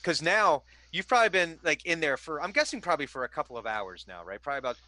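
A man running a tabletop game, narrating the scene in loose, rambling bursts with plenty of filler words. His voice sits a little high and comes across bright and forceful. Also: very animated, fast talker, no echo. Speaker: game master.

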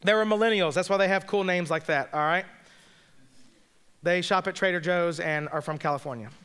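A man's voice: high voice, fairly quick, a bit bright, clear, resonant tone. A man preaching a sermon in a conversational, joking way, speaking straight to the congregation. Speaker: pastor.

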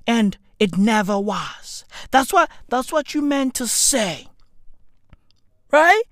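A woman giving a sarcastic, mock-solemn commentary rant, full of slang and profanity, that swings to sudden shouts. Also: high-pitched, big pitch swings, slow pace, no echo, studio quality. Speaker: online commentator.

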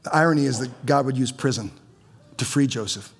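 A man's voice: mid-range voice, fairly quick, vocal fry, husky. A man preaching as a pastor in a church, conversational, with stammering restarts and teasing humor. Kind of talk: sermon.

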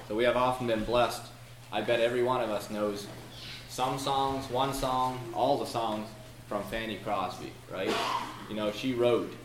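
Preacher, male, mid-pitched, homespun sermon delivery, roomy echo, noisy background. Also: steady tone, measured pace. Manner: folksy, storytelling delivery with prayers and verses. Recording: echoey room with noise.

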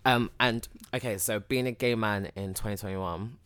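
A man's voice: lowish voice, fairly even intonation, normal speed, fairly bright tone, clear, resonant tone, no echo. A young man, a podcast guest talking openly and casually, with lots of "like" and "literally". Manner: chatty and open, often says "like" and "literally". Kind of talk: casual chat.

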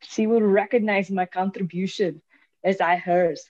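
A woman's voice: medium pitch, steady tone, a little slow, a little mellow, no room sound, natural voice. A woman reading game lore as a proud alien scion warrior in a put-on Italian accent. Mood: stern. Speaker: guest voice reader. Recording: dull lo-fi, dry.

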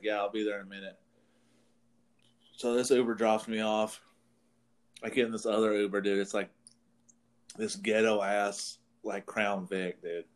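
A man casually telling a long, rambling story on a talk show, swearing freely and laughing as he goes. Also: on the low side. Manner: rambling, profane, laughs through his story. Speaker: podcast co-host.

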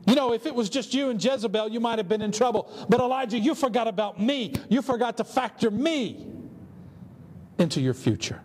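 A man's voice: very high-pitched, animated, brisk, a little mellow, pitched above the performer's own voice. A man preacher voicing God as a mighty, patient male deity who speaks emphatically and asks pointed rhetorical questions. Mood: challenging. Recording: long hall reverb, faint ambience.

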